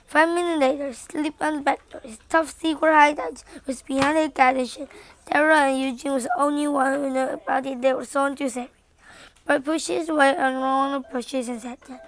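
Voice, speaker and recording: A woman with a Mandarin-speaking background reading a children's bedtime story aloud in English, halting at times with slips and restarts. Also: sits high, steady tone.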